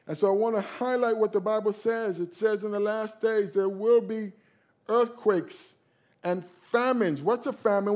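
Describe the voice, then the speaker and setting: A man preaching a sermon with passion, repeating key phrases and swinging from loud declarations to quiet asides. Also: high voice.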